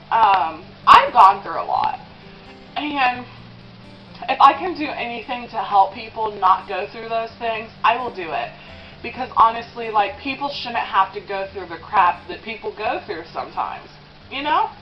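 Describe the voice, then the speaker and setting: A woman's voice: a little high, expressive, normal speed, faint music behind. Rambling young woman, muffled home video. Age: 20s. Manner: rambling, with many "um" and "like" fillers. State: tearful at times. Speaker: vlogger. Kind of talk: emotional confessional vlog while eating.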